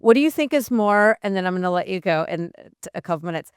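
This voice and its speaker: A woman hosting an interview, chatty with animated asides. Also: mid-range voice, quick pace, clear, resonant tone, no echo, clean studio sound. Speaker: host. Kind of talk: interview conversation.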